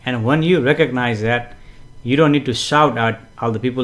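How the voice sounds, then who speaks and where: A man hosting a casual live stream, greeting viewers and reading their comments, chatty and gently explanatory with frequent fillers and soft chuckles. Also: mid-range voice, normal speed. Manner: gently explanatory, repeats himself for emphasis. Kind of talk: casual live-stream chat with spiritual teaching.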